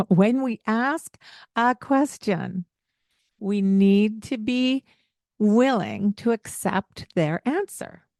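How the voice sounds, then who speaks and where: A woman hosting a parenting podcast, explaining calmly and laughing often. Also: medium pitch, dry recording, clean studio sound. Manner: calm, explanatory, laughs often, acts out kids' voices. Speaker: podcast host, parenting coach. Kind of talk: casual podcast advice.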